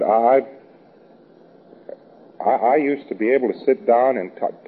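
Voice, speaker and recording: A man giving an informal lecture in a wry, rambling, anecdotal way. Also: medium pitch. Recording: thin phone-like old recording.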